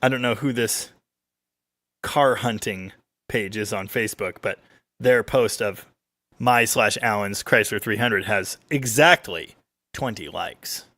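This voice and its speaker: On a weekly car livestream, the host reads out viewer comments and jokes around in a casual, rambling way with lively ups and downs. His voice sits on the low side and moves a little slowly, with no echo.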